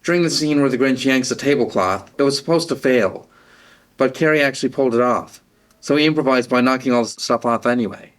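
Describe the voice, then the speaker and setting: A man presenting a film review segment, delivering trivia and opinions in a steady, matter-of-fact way with small stumbles. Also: mid-range voice, fairly quick. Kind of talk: reading trivia, then giving casual opinions.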